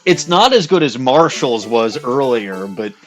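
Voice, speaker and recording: A man's voice: medium pitch, sing-song, unhurried, faint music behind. A man chatting playfully in casual commentary over a game he plays with a friend. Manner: playful, rambling banter. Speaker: let's play commentator.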